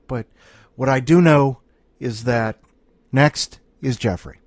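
A man's voice: mid-range voice, slow pace, dry recording. A man hosting a story podcast, chatting in a playful, rambling way. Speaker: podcast host. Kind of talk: casual chat.

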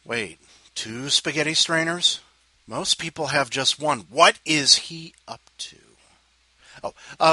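A man's voice: a little high, slow, bright, forceful tone, dry recording. A man hosting a show, chatting casually with jokey asides and apologies between readers. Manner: self-interrupting, jokey asides, apologizes often. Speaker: host introducing readers. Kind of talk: rambling casual chat.

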